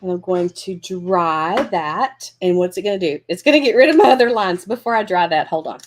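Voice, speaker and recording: A woman's voice: fairly low pitch, animated, fairly quick, slight background noise. Chatty woman hosting a crafting class. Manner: chatty, encouraging, thinks aloud while working. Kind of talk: live crafting tutorial.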